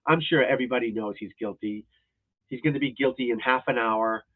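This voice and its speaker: A man's voice: mid-range voice, fairly quick. A man hosting a livestream as a golf instructor, in a casual, rambling, blunt and profane rant. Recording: tinny phone-like audio.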